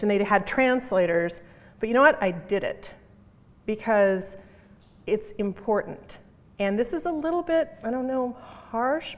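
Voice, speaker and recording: A middle-aged woman giving a conference keynote talk in an emphatic, punchy way, repeating her key phrases. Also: medium pitch. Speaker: conference speaker. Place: conference hall. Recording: long reverb of a conference hall.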